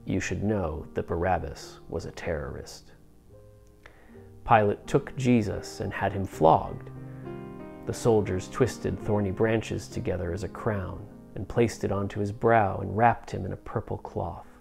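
A man reading scripture aloud at a church service in a slow, solemn, dramatic way. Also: low voice, creaky, a little mellow, soft background music. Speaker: scripture reader.

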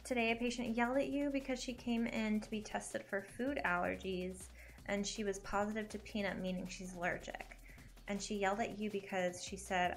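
A woman's voice: mid-range voice, normal speed. Young woman streamer, casual chatty delivery, laughs often, faint music behind. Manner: chatty, giggly, animated. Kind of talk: casual gaming stream chat.

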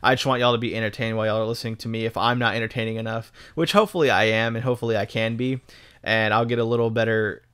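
A man's voice: fairly low pitch, steady tone, very fast, hardly any pauses, fairly bright tone, smooth. Rambling, profane young man from Texas. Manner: rambling and profane, full of ums and restarts. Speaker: gaming YouTuber. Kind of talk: casual commentary over gameplay.

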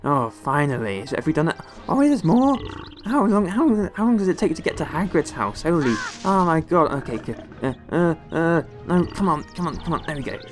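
Excitable young man grumbling through a game. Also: a little high, a little fast, soft background music. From West Country, England. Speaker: gaming video host. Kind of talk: let's play commentary.

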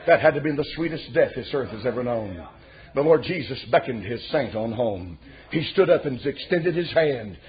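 A man preaching a sermon as pastor, moving from quiet storytelling to loud, fervent exhortation. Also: fairly high pitch, muffled recording.

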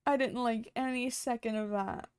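A woman's voice: a little high, fairly even intonation, moderate pace, smooth, dry recording, clean studio sound. A woman streaming a horror game, squeamish and nervous, repeating words and laughing often through a headset mic.

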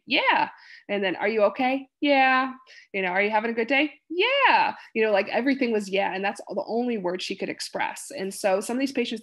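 A woman nursing instructor giving a casual recorded lecture, chatty and rambling, with many fillers and patient quotes acted out. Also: mid-range voice.

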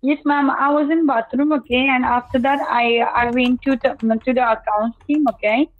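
A woman's voice: high-pitched, steady tone, moderate pace, no echo. A woman on a phone call who hesitates with fillers and keeps adding "okay". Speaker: phone scammer. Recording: tinny dry phone line.

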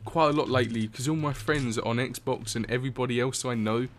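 A man's voice: mid-range voice, steady tone, a little fast, a little hiss or hum. A young man, chatting casually over gameplay in a rambling, swear-heavy way. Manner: rambling, swears often, laughs at own stories. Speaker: gaming commentator.

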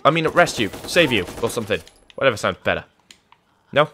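A man's voice: medium pitch, lively intonation, fairly quick, pushed and bright. A young man giving crude, joking commentary over a video game, swearing often. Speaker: gaming YouTuber.

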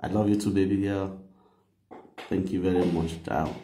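Casting note: a Nigerian man with a low, mellow voice, speaking in casual live-video style. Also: normal speed, reverberant, slight background noise. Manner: excited, thankful, mixes English with pidgin and Yoruba. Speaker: vlogger doing a daily live video. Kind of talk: casual live-stream chat.

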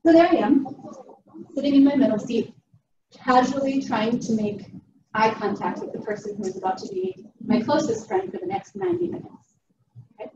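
A woman's voice: sits high, lively intonation, moderate pace. Chatty woman speaker, distant and roomy. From Wisconsin. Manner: chatty, humorous, keeps checking in with "right?". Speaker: guest speaker. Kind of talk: storytelling presentation. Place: meeting room. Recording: distant, roomy, dull and noisy.

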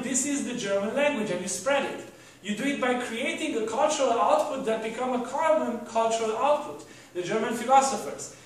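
Male lecturer, rambling with rhetorical questions; very echoey hall recording, distant mic. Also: very high voice. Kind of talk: university lecture.

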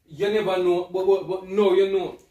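A man's voice: high voice, fairly even intonation, normal speed, warm tone, lo-fi sound. A man with a Jamaican accent lecturing his partner in a casual argument, repeating himself insistently. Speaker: vlogger husband. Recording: echoey room, mic far off.

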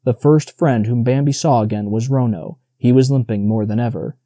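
Male audiobook narrator, very dark mellow tone, dry close sound, measured storybook reading. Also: medium pitch, dry recording.

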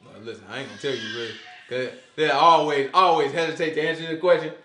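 A man's voice: fairly high pitch, quick pace, a bit bright, roomy sound, a little hiss or hum. A man leading an informal Bible study, quizzing his listeners and joking as he teaches.

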